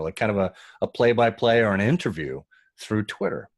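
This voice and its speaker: Low-voiced man telling a lively story. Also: brisk, dry recording, clean studio sound. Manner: animated, acts out quoted voices. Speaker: guest. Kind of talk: conversational storytelling.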